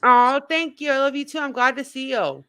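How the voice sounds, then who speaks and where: A woman's voice: high-pitched, normal speed, bright, forceful tone, smooth, no echo, studio quality. A woman co-hosting a casual live stream, chatting loosely, reading viewer comments and swearing offhandedly. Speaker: co-host.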